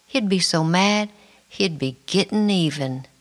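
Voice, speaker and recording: A middle-aged woman narrating her own life story in the first person, quiet and reflective. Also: on the low side, a little slow. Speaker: memoir narrator. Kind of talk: first-person memoir reading.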